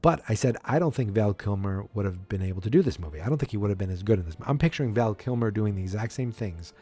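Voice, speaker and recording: A man's voice: lowish voice, lively intonation, fast, dark tone, slightly rough. A man hosting a podcast, casually recapping a movie in a rambling way and acting out lines in silly voices. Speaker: podcast host. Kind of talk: casual movie review chat.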